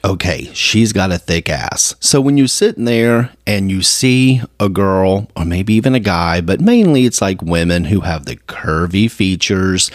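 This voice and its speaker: A man's voice: low-pitched, dry recording, clean studio sound. A man hosting a casual solo podcast, rambling along conversationally with lots of fillers. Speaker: podcast host.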